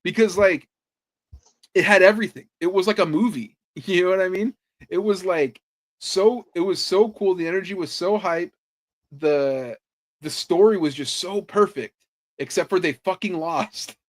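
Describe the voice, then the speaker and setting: A man on a podcast telling sports stories in a casual, animated way, swearing freely and saying "like" a lot. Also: sits high, normal speed. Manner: animated storytelling, swears freely, lots of "like" fillers. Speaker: podcast host. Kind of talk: casual chat.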